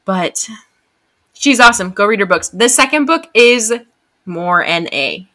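A young woman co-hosting a podcast, telling a story in an animated, excitable way. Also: mid-range voice, a little slow. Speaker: podcast co-host. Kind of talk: casual chat.

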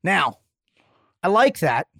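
A middle-aged man hosting a casual interview podcast, with a slightly high voice. He jokes bluntly and swears freely. The sound is dry and close. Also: big pitch swings, slow, vocal fry, fairly bright tone, no room sound. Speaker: podcast co-host, former Navy SEAL.

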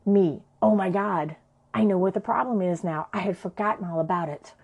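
A woman's voice: mid-range voice, moderate pace, vocal fry, breathy edge, narrow, tinny audio. A woman narrates her own story in a frank, everyday voice. She talks conversationally and swears without holding back.

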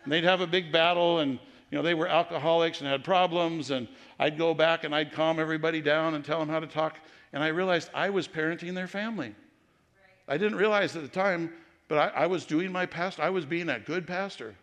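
Preaching in a church sanctuary, this middle-aged man shares personal stories in a conversational storytelling sermon, frequently starting over mid-thought. He speaks fairly quickly in a fairly high, a bit bright voice with fairly even intonation, and the hall is reverberant.

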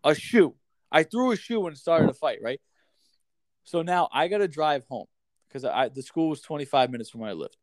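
A man's voice: fairly high pitch, normal speed, no echo. A man with a voice a little above the usual range tells a long story in loose, casual chat. He swears freely and keeps dropping "like" and "dude" as he goes. The sound is close and dry, with no room around it. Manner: animated, swears freely, heavy use of "like" and "dude".

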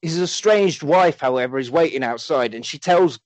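A man with a notably high voice tells a film's plot in a lively, jokey way, swearing freely as he goes. His casual comedic recap is delivered close to the mic, dry and without room sound. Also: moderate pace, no room sound, rough recording. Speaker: podcast host recapping a film.

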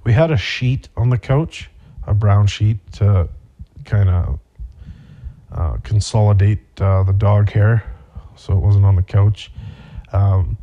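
Pausing often and speaking slowly, a young man hosting a podcast rambles through a personal story full of swearing and filler words. He sounds warm and fairly low, with the recording's high frequencies cut off.

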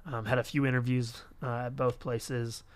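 A man's voice: medium pitch, flat delivery, moderate pace. A young man from Florida, a youth pastor, telling a rambling story in casual conversation. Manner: rambling storyteller, acts out quoted voices.

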